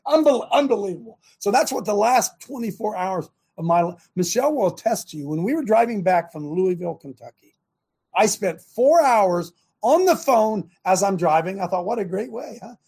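Gravelly older man ranting on talk radio. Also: high-pitched, expressive, normal speed, darkish tone. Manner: emphatic, repeats himself, laughs incredulously. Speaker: host.

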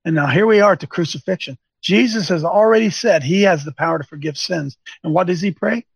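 A man preaching an informal sermon, folksy and emphatic, slowing down to read scripture aloud. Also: high voice, gravelly, breathy edge, dry recording. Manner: folksy, colloquial, emphatic, reads scripture slowly.

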